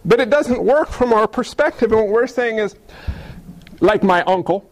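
High-voiced man preaching a folksy sermon. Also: lively intonation. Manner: folksy and conversational, acting out quick voices. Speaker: pastor.

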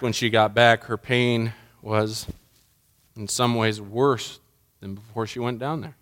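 A man's voice: medium pitch, fairly bright tone. A middle-aged man, a pastor, giving a sermon in a personal, emotional storytelling way that rises into impassioned pleading.

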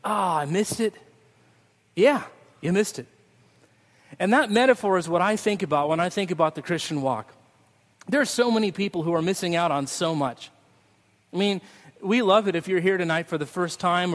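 A man preaching a Christmas Eve sermon as pastor, telling stories and leading prayer. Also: high voice. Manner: storytelling with sung snippets, ending in prayer. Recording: long hall reverb.

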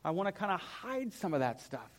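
A young man, a pastor, preaching a sermon in a church in an animated, conversational way. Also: high-pitched, a little fast. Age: young adult. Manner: animated, conversational, acts out whiny voices. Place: church sanctuary.

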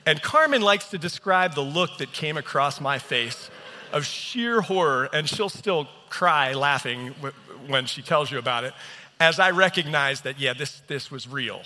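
Earnest pastor preaching in a reverberant hall. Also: male voice, on the high side, bright, forceful tone. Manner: earnest storytelling, self-deprecating. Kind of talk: sermon. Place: church hall.

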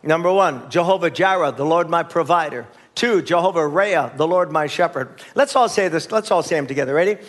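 A man's voice: on the high side, lively intonation, fairly quick, hardly any pauses, a bit bright. An older man preaching a sermon as pastor, leading the church in call-and-response with folksy asides and chuckles.

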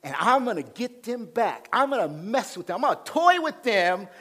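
A man's voice: high voice, very animated, moderate pace, fairly bright tone, voice pushed up, full character voice. A man doing a smug gloating schemer. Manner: gloating, teasing. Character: smug scheming young man gloating over his revenge.

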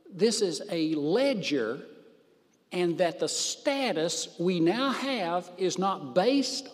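A man's voice: fairly high pitch, in a large hall. A man preaching a sermon, stressing words by drawing out his phrases. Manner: emphatic, drawn-out phrases for stress.

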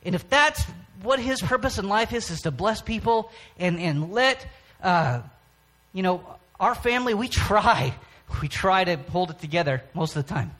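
A man giving a personal testimony from the front of a church, speaking in a halting way with frequent pauses and restarts. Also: high-pitched, animated, a bit bright.

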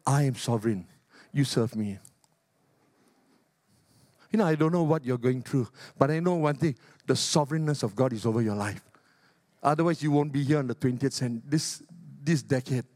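An older man, a retired pastor, preaching a sermon with emphatic, repetitive phrasing and big swings in pitch. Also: no echo, clean studio sound.

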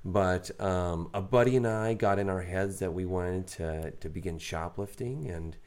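Guy with a really low voice, casual podcast chat, candid and poking fun at himself. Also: unhurried. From raised in a Mennonite Brethren community. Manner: candid, self-deprecating, animated when quoting others. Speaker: podcast co-host. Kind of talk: casual storytelling.

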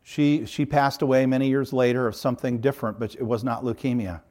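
A middle-aged male pastor delivering a sermon, his voice sitting at an ordinary pitch for a man. He preaches earnestly and with emphasis, building points through repeated parallel phrases. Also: steady tone, brisk, a little mellow.

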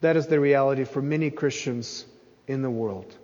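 A man's voice: medium pitch, normal speed, a little mellow, muffled recording. Earnest preaching man in a large hall. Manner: earnest preaching, rising emphasis on key phrases. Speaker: pastor. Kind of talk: sermon.

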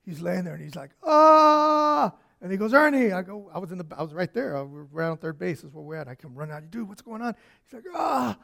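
Animated high-voiced preacher. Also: male voice, fast talker, creaky. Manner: animated storyteller, acts out voices, swings from soft to shouting. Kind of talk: sermon with personal stories.

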